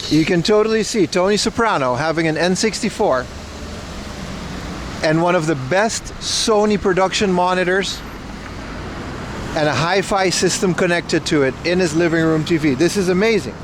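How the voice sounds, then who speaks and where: A man's voice: high-pitched, noisy background. A man livestreaming as he walks outdoors, chatting casually, rambling and opinionated as he answers his chat. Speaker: IRL livestreamer. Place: outdoors on city streets.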